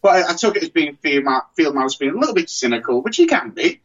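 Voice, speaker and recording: A man's voice: on the high side, very animated, quick pace, a bit bright, dull audio. A man chatting casually as a podcast co-host, rambling and restarting his sentences often. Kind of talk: casual chat.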